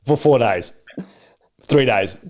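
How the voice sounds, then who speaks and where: A man's voice: mid-range voice, slow, a little mellow. A man co-hosting a podcast, teasing his friend with pressing questions in casual chat. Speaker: podcast co-host.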